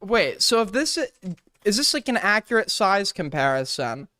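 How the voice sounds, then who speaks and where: A man's voice: sits high, sing-song, moderate pace, sharp tone. A man streaming, reacting to a video clip with sarcastic, rambling commentary and bursts of laughter.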